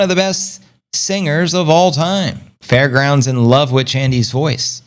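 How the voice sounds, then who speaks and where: Male livestream host, mid-pitched, casual rambling delivery, upbeat and slangy with viewer shout-outs. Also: lively intonation, unhurried. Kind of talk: casual livestream chat reading viewer comments.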